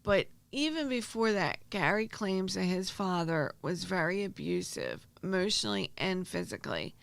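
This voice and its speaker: A woman, hosting a true crime podcast and telling stories in an animated, rambling way with many restarts. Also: fairly low pitch, normal speed, creaky, dry recording. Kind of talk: casual storytelling.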